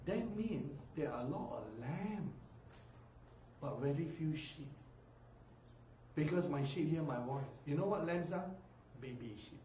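Pastor, male, slightly high voice, lively sermon delivery, distant mic in a reverberant hall. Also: a little slow, long pauses, a little hiss or hum. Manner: animated preaching, mimics people, swings loud and soft.

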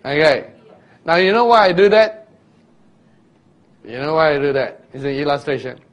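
A man teaching a Bible sermon in an unhurried, deliberate way, pausing to quiz his listeners and breaking into sudden loud sound illustrations. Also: fairly high pitch, expressive, highs cut off. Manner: asks listeners questions directly. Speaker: preacher.

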